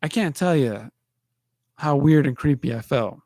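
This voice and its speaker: A man talks alone on his livestream podcast, meandering through awkward personal stories and poking fun at himself. He often stops mid-thought and starts over. His voice sits a bit high for a man, and the sound is dry and close, with no room around it. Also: expressive, a little mellow, dry recording. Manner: self-deprecating, halting storytelling with restarts. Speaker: podcast host. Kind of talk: rambling solo monologue. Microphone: livestream mic.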